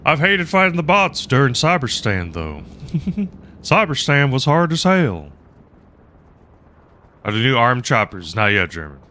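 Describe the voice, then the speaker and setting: A man's voice: medium pitch, big pitch swings, a little slow, long pauses, pushed and bright. A man live-streaming a game, rambling casually and chatting with viewers between laughs. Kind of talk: casual gaming commentary.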